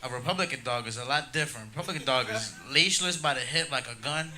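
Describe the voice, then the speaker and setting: A man's voice: mid-range voice, fast talker, sharp tone, slight background noise. A man doing a crude, crowd-baiting stand-up set, often tagging jokes with "dog" and "you know what I mean.". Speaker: stand-up comedian. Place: comedy club stage.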